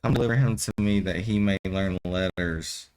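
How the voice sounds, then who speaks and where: A young man with a deep, darkish, clear and resonant voice stumbles through reading old scripture aloud on poor audio. Between halting passages he launches into loose, profane slang commentary.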